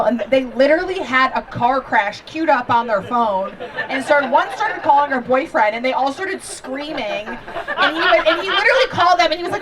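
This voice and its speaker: A woman's voice: high voice, lively intonation, normal speed. A woman in her thirties doing a stand-up set on an outdoor stage, talking in a confessional, chatty way with lots of fillers. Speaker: stand-up comedian. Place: outdoor backyard comedy show. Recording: live crowd, voice a bit distant. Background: laughing audience.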